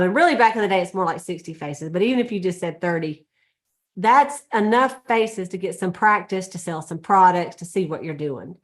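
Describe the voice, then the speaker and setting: Chatty woman leading a meeting. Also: fairly low pitch. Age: middle-aged or older. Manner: chatty, laughing, acts out little scenes. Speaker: sales director leading a team meeting. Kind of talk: casual motivational talk.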